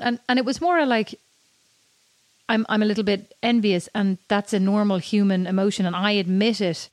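Fast-talking chatty woman. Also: mid-range voice, dry recording. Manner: chatty, animated, many restarts. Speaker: podcast co-host. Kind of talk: casual chat.

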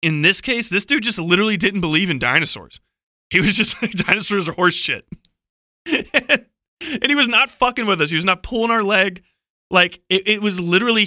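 A man telling a loose, profane story on a podcast, his voice very bright and crisp, slightly above the usual male pitch. He rambles through digressions, restarts and frequent laughter. The sound is close and dry. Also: no echo. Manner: heavy use of "like" and self-corrections. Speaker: book club podcast panelist. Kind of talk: casual rambling anecdote.

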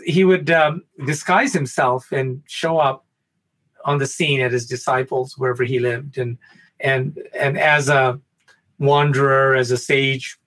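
A man talking on a podcast, telling a spiritual parable in an animated way, stumbling over many restarts. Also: mid-range voice. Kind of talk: spiritual talk and storytelling.

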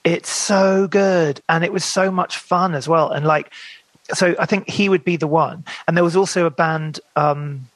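Chatty man, slightly high voice. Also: fairly even intonation, measured pace, fairly bright tone, no room sound. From England, grew up in Reading, Berkshire. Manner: chatty and rambling, full of "like" and trailing asides. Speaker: guest musician. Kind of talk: podcast interview, storytelling.

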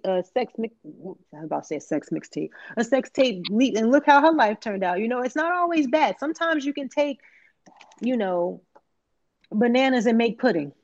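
A woman's voice: high-pitched, vocal fry, a little mellow. Woman, podcast co-host, casual chat, blunt, profane, slangy, muffled lo-fi sound. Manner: candid, profane, rambling with many "like"s and slang. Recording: muffled lo-fi recording.

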